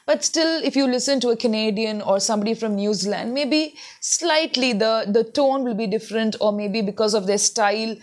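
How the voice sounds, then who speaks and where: A woman giving earnest advice in a spoken lesson, repeating words to model how they sound. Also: on the high side. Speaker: English tutor. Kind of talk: spoken English lesson to camera.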